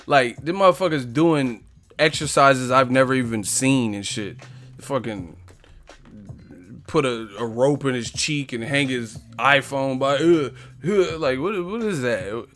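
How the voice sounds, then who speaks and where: A young man hosts a casual live boxing stream, loud and profane, laughing often and mocking his subjects. His voice is medium in pitch and he speaks unhurriedly.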